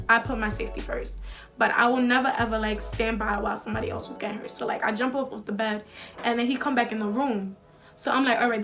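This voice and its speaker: A young woman tells a storytime, with a fairly high voice and loose, slangy talk packed with filler likes and swearing. Faint music plays under her. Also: fairly bright tone. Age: young adult. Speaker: vlogger. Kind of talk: casual storytime.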